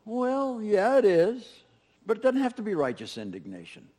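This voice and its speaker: A man's voice: sits high, wildly swooping pitch, normal speed, warm tone. A male pastor delivering a sermon in a conversational way, talking straight to the people in front of him and repeating lines to drive a point home. His voice rises and falls widely, full of swings. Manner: conversational, speaks straight to the congregation with repetition.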